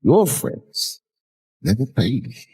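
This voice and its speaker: Calm older mob boss, quiet menace, a man putting him on, lively pitch. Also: takes it slowly, slightly rough, heavily acted.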